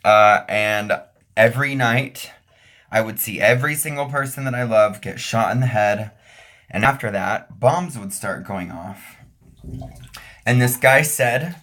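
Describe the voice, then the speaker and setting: A man's voice: mid-range voice, a bit bright. Young man, casual vlog, profane, joking, rambling storyteller. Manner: joking, profane, quick asides. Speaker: vlogger.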